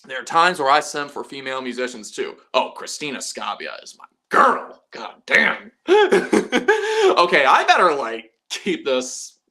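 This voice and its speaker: A man's voice: medium pitch, sing-song, a little slow, pushed and bright. A young man hosting a casual livestream, chatty and profane, mocking himself and laughing often. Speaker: livestream host.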